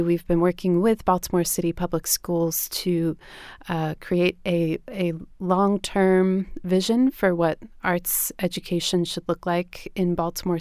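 Flat-toned woman, clear studio voice. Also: fairly low pitch, dry recording. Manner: measured, many fillers. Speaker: arts education director, guest. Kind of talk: interview answers.

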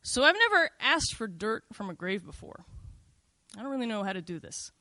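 A middle-aged woman recounts a personal story with a bright, forceful edge to her voice. She talks casually and confessionally, scattering "like" and "you know" through her sentences. The recording is close and dry, with no room sound. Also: mid-range voice, sing-song, moderate pace, dry recording. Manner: conversational, frequent "like" and "you know", candid and confessional.

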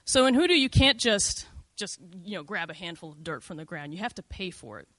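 Bright, candid middle-aged woman telling a story. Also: lowish voice, sing-song, a little fast, no echo. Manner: conversational, frequent "like" and "you know", candid and confessional. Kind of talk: first-person storytelling.

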